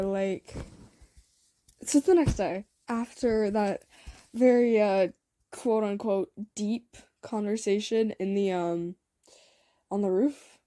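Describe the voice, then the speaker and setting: A young woman tells a homemade love story in a loose, rambling chat, trailing off into fillers and little laughs. Her voice is mellow and warm at a middle pitch. The recording is dry and close. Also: no echo. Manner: rambling, filler-heavy, giggly. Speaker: fan audio story creator. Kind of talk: casual storytelling narration.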